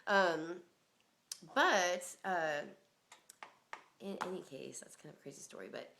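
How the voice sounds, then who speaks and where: A woman's voice: on the low side, lively intonation, unhurried, gravelly, background noise. Rambling woman telling a story casually. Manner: rambling, many fillers and "like", swears, laughs often.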